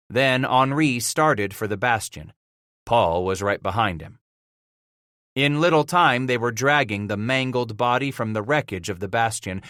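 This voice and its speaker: A man narrating a frontier audiobook in a measured, vivid way. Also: mid-range voice, fairly bright tone, dry recording, studio quality.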